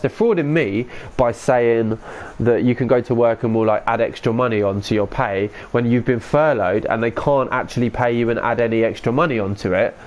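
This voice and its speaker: A man's voice: medium pitch, a little mellow. A young man streaming a football game, chatting casually with viewers, laid-back and sweary. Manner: laid-back, sweary, reads chat aloud. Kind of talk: casual live-stream commentary.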